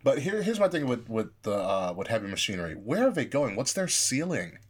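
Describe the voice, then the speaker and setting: A man co-hosting a casual podcast about wrestling, talking animatedly and often restarting his sentences when excited. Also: mid-range voice, fairly quick, breathy edge. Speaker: podcast co-host.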